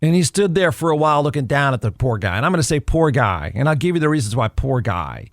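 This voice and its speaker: A man's voice: medium pitch, big pitch swings, quick pace, dry recording, studio quality. A man hosting a podcast, giving snarky, conversational college football commentary and repeating himself for emphasis. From Texas. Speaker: podcast host. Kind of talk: solo sports commentary.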